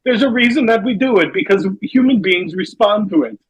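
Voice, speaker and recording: Husky guy throwing in dry sarcastic comments, slightly high voice. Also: animated, a little fast, poor audio. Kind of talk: casual chat.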